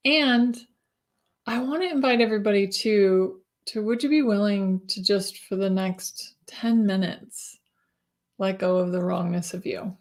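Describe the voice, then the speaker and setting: Female host, gentle, inviting, emotional; video-call interview. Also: mid-range voice, slow, long pauses. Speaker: podcast host. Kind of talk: warm-hearted interview chat.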